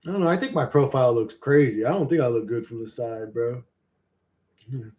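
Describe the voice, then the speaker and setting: A man's voice: mid-range voice, brisk, darkish tone. A man in a casual, rambling live-stream chat, swearing freely and chuckling often as he talks.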